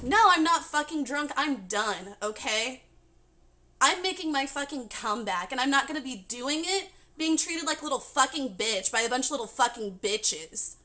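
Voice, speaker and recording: A woman's voice: high voice, animated, normal speed, pushed and bright. A woman live streamer in a heated, profane rant aimed at her chat, cutting and blunt.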